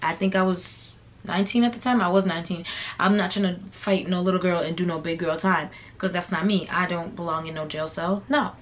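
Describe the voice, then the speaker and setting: A young adult woman vlogger telling a casual storytime, slangy and animated, acting out the voices of people in the story. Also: lowish voice, fairly quick, a little hiss or hum.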